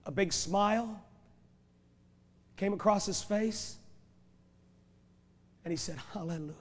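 A man's voice: sits high, slow pace. A man preaching a revival sermon in a church, driving home his points with rhetorical questions and repeated phrases. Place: large church sanctuary. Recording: echoey church hall from a VHS tape.

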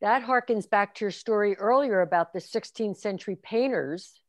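A woman's voice: medium pitch, normal speed, dry recording. Reflective woman instructor, dry sound. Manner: reflective, encouraging. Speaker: film instructor. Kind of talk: casual conversation.

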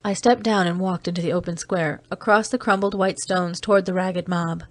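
Woman narrating a weary, seasoned off-world agent; measured storytelling, dry close sound. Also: fairly low pitch, fairly even intonation, dry recording, natural voice. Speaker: audiobook reader. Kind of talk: scripted narration.

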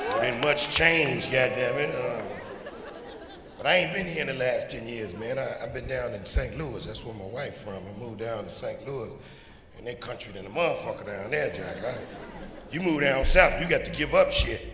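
A stand-up comedian from Chicago, delivering a loud, profane, punchy routine in front of a live audience. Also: male voice, mid-range voice, normal speed, crowd noise. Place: large live venue with audience. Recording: echoey hall with audience noise.

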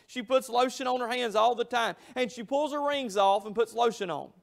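A middle-aged man preaches in a church. His voice sits very high and carries a gravelly rasp. He tells his stories emphatically, stretching out key phrases. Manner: storytelling, emphatic, drawn-out phrases. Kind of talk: Southern revival sermon. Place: church sanctuary.

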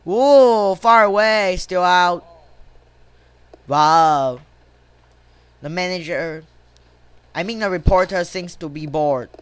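A woman commenting casually on her gameplay, cursing and griping at every missed chance. She speaks slowly in a smooth, clear voice. The sound is dry and close. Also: on the low side, no room sound. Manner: swears often, grumbles at the game; talks to self and viewers between plays. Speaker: gamer.

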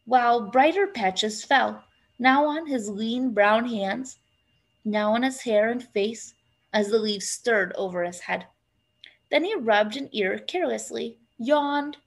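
A woman narrating a storybook aloud in an expressive, lively storytelling manner. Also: on the high side, measured pace, vocal fry. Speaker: reader.

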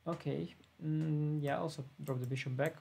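A man's voice: on the high side, fairly even intonation, moderate pace, gravelly, a little mellow, husky. A laid-back man thinking aloud as he plays an online chess simul on a live stream. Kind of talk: live-stream commentary while playing.

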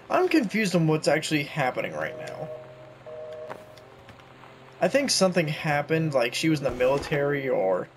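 A man's voice: fairly high pitch, sing-song, normal speed, long pauses, noisy background. A young man chatting and joking through a video game, reading notes aloud as he goes. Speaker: gaming YouTuber. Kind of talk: let's play commentary.

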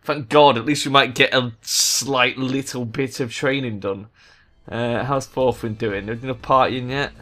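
Guy doing game commentary, mid voice, swears a ton, goes off in loud rants. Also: medium pitch, steady tone, unhurried. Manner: exasperated, swears a lot, bursts into loud rants. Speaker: gaming YouTuber.

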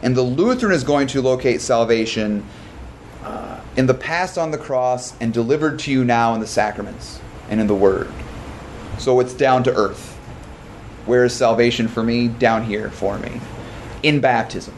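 A man who is a pastor leading a Bible study in a casual, conversational way, talking quickly with restarts and joking asides. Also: mid-range voice, a little hiss or hum.

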